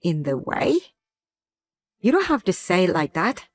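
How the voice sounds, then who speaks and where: A woman playing a young wife who uses a wheelchair, speaking in a gentle, pleading way in a scripted drama. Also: lowish voice, very animated, unhurried, dry recording. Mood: hurt. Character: young wife in a wheelchair, hurt but patient.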